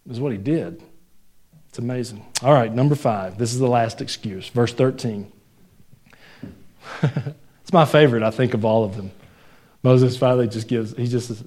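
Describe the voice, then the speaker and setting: Man preaching a lively conversational sermon. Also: moderate pace, pauses often. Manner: conversational, jokes and laughs with the congregation; rises in pitch and volume when stressing a point. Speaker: pastor.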